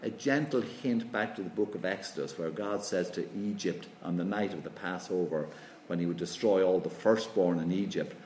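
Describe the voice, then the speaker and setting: A man's voice: deep voice, lively intonation, moderate pace, a little mellow, echoey room, a little hiss or hum. A man preaching an expository sermon, quoting scripture and driving points home with rhetorical questions.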